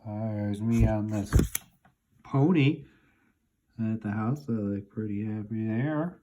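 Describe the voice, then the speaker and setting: A man in his forties calmly reminiscing to himself as he looks through old family photos. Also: on the low side, muffled recording. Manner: unhurried, musing, talks half to himself. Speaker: vlogger looking through childhood photos. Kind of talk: casual reminiscing monologue.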